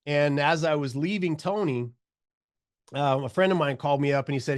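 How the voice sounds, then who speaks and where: Middle-aged male podcast guest, lively storyteller, slightly higher voice, dry close mic. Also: normal speed, dry recording. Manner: animated storyteller, acts out quoted voices.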